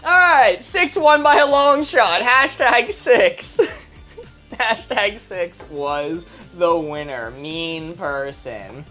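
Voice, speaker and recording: A woman's voice: fairly low pitch, lively intonation, very slow, a bit bright, soft background music. A woman hosting a live game stream, chatting playfully and laughing often as she thanks her viewers. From New York. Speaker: streamer host. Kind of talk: casual live-stream chat.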